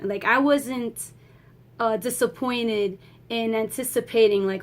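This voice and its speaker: A young woman giving a rambling, excitable movie review, swearing freely and talking in a casual way. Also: fairly high pitch, a little slow.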